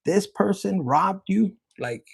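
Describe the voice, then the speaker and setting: A man giving a casual tarot reading, rambling, profane and excitable. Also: high voice, takes it slowly, gravelly, husky. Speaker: tarot reader.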